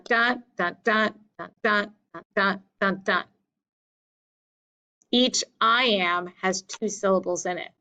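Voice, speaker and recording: A woman's voice: medium pitch, fairly bright tone, rough recording. A woman teaching a class in a patient, repetitive way, counting out beats aloud. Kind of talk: classroom lecture.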